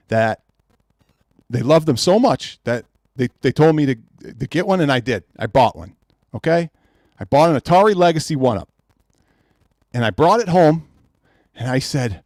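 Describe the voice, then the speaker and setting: A man's voice: mid-range voice, lively intonation, measured pace, long pauses, darkish tone, dry recording, clean studio sound. A man hosting a live-streamed gaming podcast, ranting in an exasperated way, repeating himself and reading out names from the chat. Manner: exasperated, repetitive, reads chat names aloud. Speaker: podcast host.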